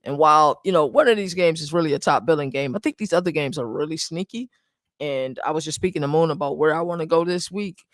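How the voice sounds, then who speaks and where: A man's voice: a little high, fast talker, a bit bright, no echo, studio quality. A man hosting a casual sports podcast, leading the topics in a laid-back, agreeable way. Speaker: podcast host.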